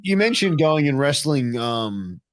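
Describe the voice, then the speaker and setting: A man's voice: fairly high pitch, big pitch swings, unhurried, no echo. Male podcast host, dry close sound. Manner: loose, rambling questions with many fillers. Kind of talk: casual podcast interview.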